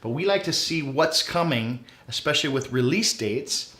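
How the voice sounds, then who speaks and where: A man's voice: mid-range voice, lively intonation, normal speed, fairly bright tone, roomy sound. A man hosting a finance web show, upbeat and salesy, talking straight to viewers. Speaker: show host.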